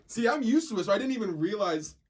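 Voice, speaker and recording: Lively man co-hosting a chat podcast. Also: high-pitched, fairly quick. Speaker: podcast co-host. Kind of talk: casual chat.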